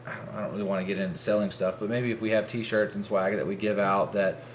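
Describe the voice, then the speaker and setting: A man's voice: on the low side, level tone, fast, a little hiss or hum. A man co-hosting a casual late-night podcast, rambling and joking with many restarts. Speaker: podcast co-host. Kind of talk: casual late-night chat over beers.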